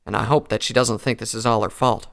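A man's voice: on the low side, steady tone, fast talker, vocal fry, a bit bright. A man voicing a brave, down-to-earth farm pony mare with a folksy country drawl. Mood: steady folksy.

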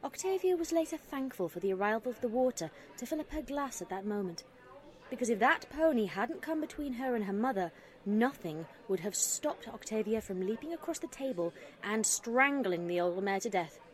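A woman narrating a fan fiction story in an even storytelling manner. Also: fairly high pitch, moderate pace.

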